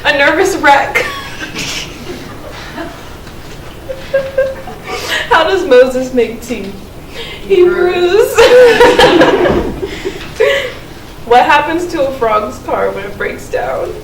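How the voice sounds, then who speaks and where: Casting: young female student comic, high and bouncy pitch, laughs through punchlines; far-off mic in an echoey, noisy room. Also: animated, a little slow. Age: young adult. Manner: giggles through her own punchlines. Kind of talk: stand-up one-liners. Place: student comedy night room.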